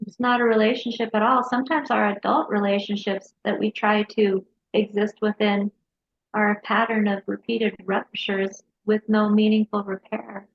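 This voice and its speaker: A woman therapist telling a personal story in an interview, in a lively storyteller's manner. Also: mid-range voice, moderate pace. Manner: lively storyteller who acts out her kids' voices. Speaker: hypnotherapist and mental health counselor. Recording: dull lo-fi sound.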